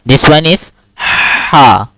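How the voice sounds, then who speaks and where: A man's voice: medium pitch, animated, extremely slow, sharp tone, dry recording. A man teaching an online one-on-one lesson, patient and repetitive, often checking "okay?" and demonstrating sounds. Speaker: Quran teacher. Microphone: video call.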